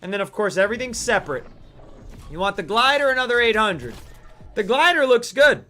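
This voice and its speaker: Male stream host, sharp bright tone, animated mock-outraged rants. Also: sits high, fairly quick, faint music behind. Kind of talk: live-stream gaming commentary.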